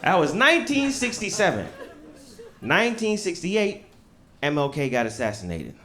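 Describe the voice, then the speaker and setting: A man from the United States performing a stand-up comedy set with punchy, animated delivery and casual swearing. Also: sits high, normal speed, a little hiss or hum.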